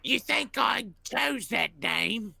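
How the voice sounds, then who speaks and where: A player doing a gravelly, bumbling royal cook. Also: male voice, very high-pitched, lively intonation, takes it slowly, sharp tone, no echo, heavily acted. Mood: boastful. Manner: rough folksy drawl, says "me ears".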